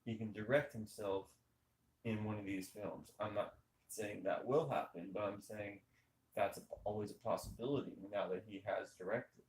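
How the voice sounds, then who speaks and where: A man's voice: fairly low pitch, fairly even intonation, normal speed, a little mellow, slight background noise. A man hosting a casual podcast, talking emphatically about movies and firing off rhetorical questions. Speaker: podcast host. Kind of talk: casual opinionated chat over gameplay. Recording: echoey room.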